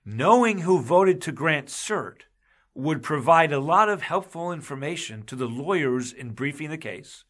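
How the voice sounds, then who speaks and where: A man's voice: fairly high pitch, animated, a little slow, fairly bright tone. A man hosting a podcast in casual talk, emphatic and getting heated, with frequent restarts. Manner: emphatic, gets heated and raises his voice. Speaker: podcast host. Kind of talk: casual chat about law.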